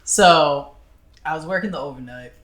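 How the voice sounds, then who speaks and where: A man's voice: on the high side, normal speed, a bit bright, reverberant. A young man from telling a funny story on a podcast, laughing often and acting out the voices of the people in it. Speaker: podcast co-host. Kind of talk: casual storytelling chat.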